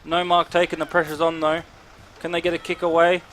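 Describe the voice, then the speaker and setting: A man calling play-by-play at a local football game in a steady way. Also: a little high, a little fast, a little hiss or hum. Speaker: football commentator. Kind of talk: play-by-play commentary.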